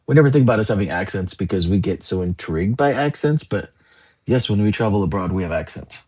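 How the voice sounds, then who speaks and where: On a casual live chat, a young man reads and answers comments in a rambling way, his fairly low voice expressive, fast, husky and darkish in tone.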